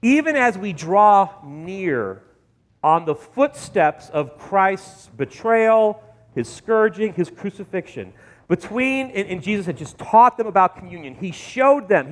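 A male pastor preaching a sermon in a church, talking in an animated way with sudden jumps in pitch and loudness. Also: a little slow. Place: church sanctuary. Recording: long hall reverb.

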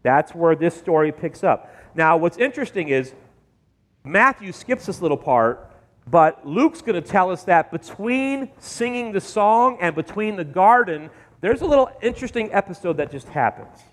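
Animated preacher man in a reverberant hall. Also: moderate pace. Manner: animated preaching with sudden shifts in pitch and loudness. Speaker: pastor. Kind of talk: sermon. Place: church sanctuary.

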